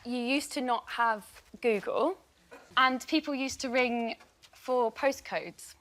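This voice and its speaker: High-voiced woman telling a story. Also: takes it slowly, a bit bright. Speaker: panel show guest. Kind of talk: casual anecdote. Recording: TV studio with audience laughter.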